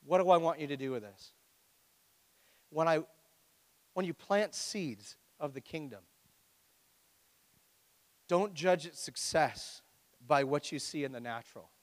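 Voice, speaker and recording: A man preaching a sermon, retelling a story with animated storytelling and acted-out quotes. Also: a little high, measured pace, long pauses, long reverb tail.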